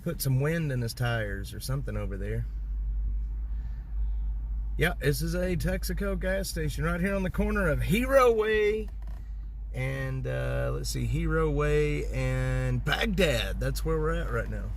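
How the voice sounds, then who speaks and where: A man's voice: medium pitch, moderate pace, vocal fry, slight background noise. A man chatting casually on a livestream from his parked car at a gas station, rambling and joking with viewers.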